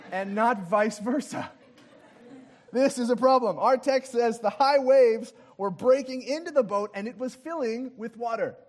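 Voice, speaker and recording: A man with a strikingly high voice delivers a lively, interactive sermon. He jokes as he goes and cues the audience to act out the story with him. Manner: playful, directs the audience to act out the scene; jokey asides with light laughs. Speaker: pastor.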